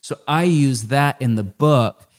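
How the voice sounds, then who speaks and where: A middle-aged man, a guest author in a podcast interview, explaining ideas earnestly and stacking them in quick lists. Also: medium pitch.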